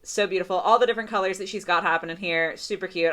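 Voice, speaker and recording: A young woman giving a casual, gushing doll review, full of fillers and excited praise. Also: lowish voice, fast talker, few pauses. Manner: gushing, chatty, lots of "like" fillers.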